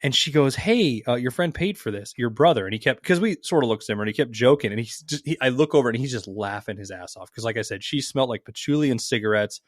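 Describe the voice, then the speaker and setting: A man from Las Vegas co-hosts a podcast and spins lively, profane stories, playing out every line of dialogue. His voice sits in an ordinary middle register. The recording is dry and close, with no room sound. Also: medium pitch, quick pace, hardly any pauses, no echo. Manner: animated storytelling, swears freely, acts out quotes. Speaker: podcast co-host. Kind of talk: casual chat.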